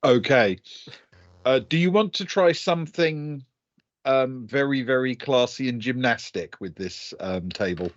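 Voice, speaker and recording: A man narrating as game master of a tabletop game, pausing often with ums and uhs. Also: medium pitch, animated, dull audio. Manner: hesitant, many ums and uhs while narrating.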